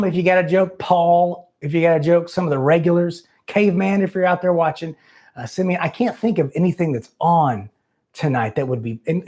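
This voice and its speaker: A man's voice: on the high side, darkish tone. A man hosting a live call-in show, chatting loosely and profanely, rambling and poking fun at himself. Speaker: host.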